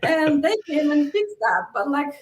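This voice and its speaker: A woman's voice: sits high, lively intonation, measured pace, a little hiss or hum. A middle-aged woman with a Polish accent, a guest telling stories in a casual interview, acting out her own quotes and laughing often. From Poland. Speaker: guest, real estate investor. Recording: echoey room.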